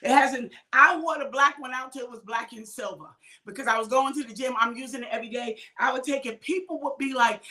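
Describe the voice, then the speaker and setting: A high, bright woman's voice carries an in an informal sermon. She exhorts her listeners, repeats short phrases and calls viewers out by name. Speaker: minister hosting a midday livestream. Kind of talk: informal preaching to online viewers.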